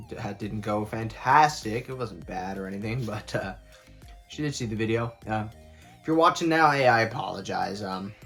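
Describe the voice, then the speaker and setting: A man's voice: on the low side, gravelly, a bit bright. Young man chatting with his mouth full. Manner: candid, rambling, many fillers. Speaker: mukbang vlogger. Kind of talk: casual chat while eating.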